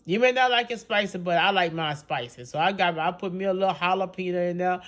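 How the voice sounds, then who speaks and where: A middle-aged Louisiana man with a Cajun accent hosts his own cooking video in a chatty, lively way. His voice sits high for a man. He laughs easily and talks in folksy home dialect. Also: quick pace. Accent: Louisiana Cajun English. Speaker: cooking show host. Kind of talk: casual cooking video chat.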